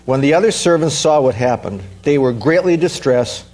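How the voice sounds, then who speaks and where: A man's voice: medium pitch, animated, normal speed, few pauses, darkish tone. A man preaching a sermon in an earnest, emphatic way, repeating phrases for stress.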